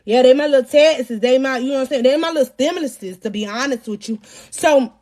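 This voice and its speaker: A young adult woman hosts a live podcast, telling her audience a personal story in a slangy, animated way and often calling out to the crowd. Her voice is high-pitched and her delivery brisk.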